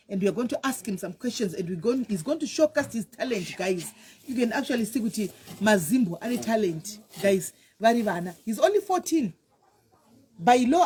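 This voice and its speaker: Husky woman hosting live. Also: on the high side, warm tone. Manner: chatty, repeats words, coaxing. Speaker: host of a live stream. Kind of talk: casual live-stream interview mixing Shona and English.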